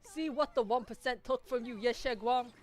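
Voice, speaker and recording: A woman's voice: a little high, moderate pace, darkish tone, natural voice. A woman doing an impression of a ranting older male senator, nasal and emphatic like a stump speech. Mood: indignant.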